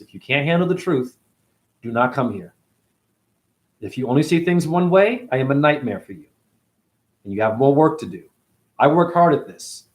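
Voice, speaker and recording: A man hosting a casual livestream, reading viewer comments aloud and rambling in loose, slangy talk. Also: mid-range voice.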